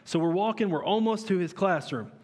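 A man in his thirties preaching a sermon as a pastor, earnest and animated, asking his listeners questions. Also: high voice, brisk. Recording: long reverb of a large hall.

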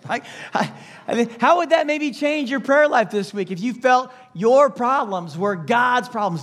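A man preaching a sermon with an emphatic delivery, full of rhetorical questions, swinging between loud bursts and hushed asides. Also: sits high, expressive, moderate pace. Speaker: pastor.

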